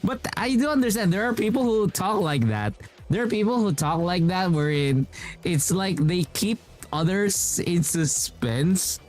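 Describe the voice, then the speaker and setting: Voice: mid-range voice, lively intonation, measured pace, darkish tone, soft background music. A game streamer chatting casually while playing, rambling and acting out what other people say. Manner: rambling, acts out quoted speech. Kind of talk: casual chat while gaming.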